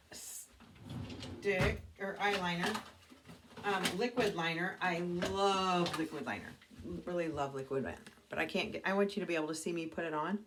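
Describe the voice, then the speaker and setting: A woman's voice: medium pitch, slight background noise. A middle-aged woman talking casually through a makeup tutorial from her bathroom, correcting herself as she demonstrates. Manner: chatty, self-correcting, demonstrating as she goes. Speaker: makeup consultant. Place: home bathroom. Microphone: camera mic.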